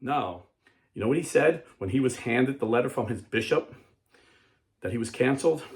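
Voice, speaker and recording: Earnest, chatty man with ordinary pitch. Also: moderate pace. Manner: earnest, conversational, animated; frequent fillers and restarts, quotes people in put-on voices. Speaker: podcast host. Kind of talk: casual commentary.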